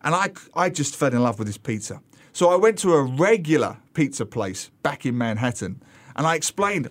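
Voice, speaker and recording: A man who is a regular contributor, columnist and author, telling humorous travel anecdotes in a lively way on a radio show. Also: mid-range voice, moderate pace.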